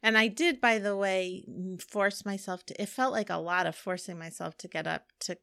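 Podcast co-host, middle-aged woman, gravelly, rambling casual chat, dry close sound. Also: mid-range voice, fairly even intonation, moderate pace, fairly bright tone, no room sound. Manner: chatty, rambling with frequent "like" and laughs.

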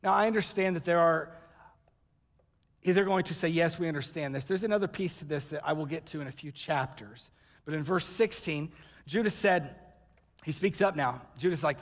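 Pastor, male, high voice, lively storyteller who acts out quotes, hall reverb. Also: brisk. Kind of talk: sermon.

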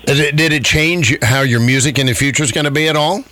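A man's voice: fairly high pitch, fast talker, sharp tone, no echo. A man hosting a radio show, chatty and jokey, laughing often as he talks with his guest. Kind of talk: casual radio interview.

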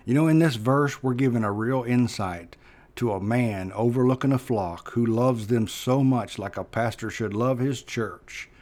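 A man preaching a sermon as pastor, talking earnestly, pressing points with sudden loud stresses and then dropping low and soft. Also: measured pace.

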